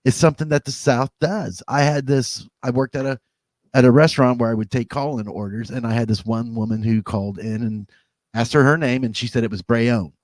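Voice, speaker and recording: A man's voice: mid-range voice, brisk, darkish tone, dry recording. A man from Arkansas co-hosting a casual music podcast, telling wry stories. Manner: wry, storytelling. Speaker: podcast co-host.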